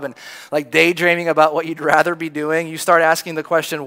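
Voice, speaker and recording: A man's voice: on the high side, steady tone, fairly quick, a bit bright. A man preaching a sermon in a conversational storytelling manner, acting out the lines of people in the crowd. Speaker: pastor.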